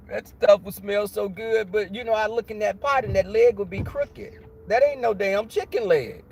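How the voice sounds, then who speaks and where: A man's voice: high voice, moderate pace, gravelly, a little mellow, a little hiss or hum, low-quality recording. A man with a cold telling funny stories in a laughing, salty-mouthed way on his livestream. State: has a cold. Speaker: livestream host. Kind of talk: casual storytelling.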